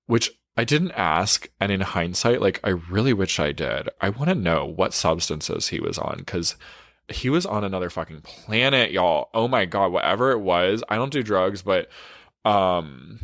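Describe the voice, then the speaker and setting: Frank, lively-voiced man telling a story. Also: deep voice, moderate pace, dry recording, studio quality. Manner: frank, profane, full of "like" fillers and laughs. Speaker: relationship coach. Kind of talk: casual storytime.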